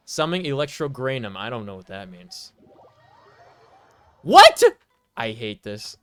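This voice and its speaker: A male streamer chats over his gameplay with joking, profane asides. He talks slowly and drawls, and his voice is smooth and clear at an ordinary pitch. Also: lively intonation, fairly bright tone. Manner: joking, profane, slow and drawn out. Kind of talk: casual gameplay commentary.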